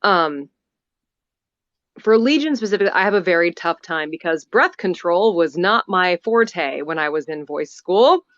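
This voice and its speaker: A female voice actor chatting about her warm-up routine in an interview, over a video call. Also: on the low side, expressive, normal speed, dry recording, muffled recording. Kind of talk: remote interview.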